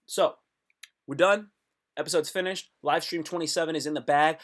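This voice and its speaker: Young guy on his live stream, kinda high voice, hyped and rambly, hyping himself up. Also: fairly even intonation, normal speed, a bit bright. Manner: hyped, rambling, self-motivating, calls viewers son and kid. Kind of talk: casual live stream monologue.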